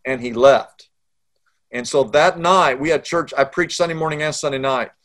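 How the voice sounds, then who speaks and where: A man's voice: fairly high pitch, normal speed, fairly bright tone. A middle-aged man, a pastor telling a story in an interview and acting out the dialogue.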